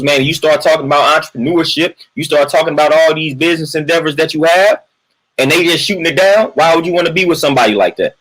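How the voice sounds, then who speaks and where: A man's voice: a little high, fairly bright tone, low-quality recording. A man venting in a casual livestream monologue. He repeats his points emphatically, keeps tagging lines with "man" and greets viewers from the chat in between. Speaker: livestream host.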